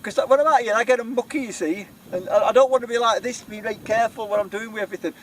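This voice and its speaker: A man's voice: sits high, rapid-fire, fairly bright tone. A middle-aged man with a Yorkshire accent, rambling cheerfully through a camping vlog outdoors on a windy hilltop. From Yorkshire, England. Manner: rambling, chatty, self-deprecating. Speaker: outdoor vlogger.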